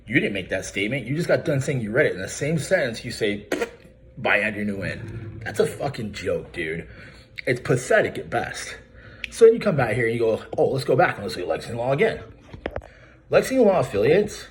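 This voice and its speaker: A man's voice: mid-range voice, slight background noise. A man ranting straight to camera in a profane, confrontational, mocking way, calling out someone by name. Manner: addresses the target directly by name. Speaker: YouTuber calling out a credit repair business. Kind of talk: angry direct-to-camera vlog rant.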